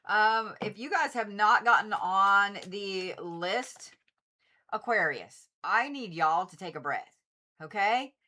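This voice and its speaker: Woman, livestream card reader, bright forceful tone, chatty and blunt with the odd curse. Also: medium pitch, takes it slowly. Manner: chatty, swears freely, talks straight to viewers. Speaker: Reiki practitioner and tarot reader. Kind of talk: casual livestream card reading.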